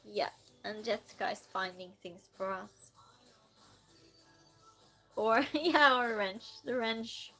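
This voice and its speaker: Slow-talking playful woman streamer. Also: medium pitch, pushed and bright, faint music behind. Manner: playful, teasing, reads chat aloud. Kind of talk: casual chat with live viewers.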